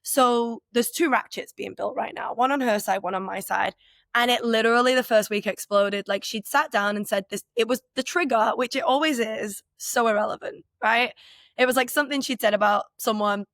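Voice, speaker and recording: A woman in her thirties co-hosts a podcast in a casual reflective conversation, candid, rambling and emotionally open, full of filler words. Her voice is on the high side and fairly bright at normal speed, with clean studio sound and no room sound.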